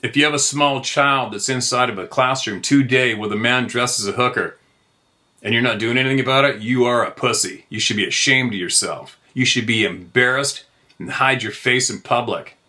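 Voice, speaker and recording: A man's voice: medium pitch, moderate pace, sharp tone. A middle-aged man hosting his own show, ranting in a heated, profane monologue. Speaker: host. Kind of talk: angry monologue.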